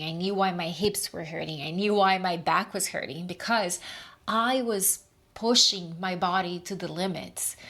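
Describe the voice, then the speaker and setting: Woman vlogger, slow reflective voice-over, earnest and unhurried. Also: medium pitch, fairly bright tone. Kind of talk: reflective life-update narration.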